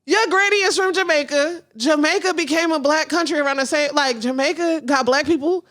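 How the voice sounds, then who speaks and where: A young adult woman from the United States co-hosting a podcast, ranting loudly and profanely in casual comedic chat, laughing through her complaints. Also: high-pitched, fairly quick. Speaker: podcast co-host.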